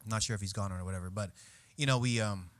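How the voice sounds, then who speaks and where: A man's voice: lowish voice, fast, no room sound. A man hosting a podcast at a bar, talking in a loose, rambling way and acting out quotes in voices. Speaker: podcast host. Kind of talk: casual chat.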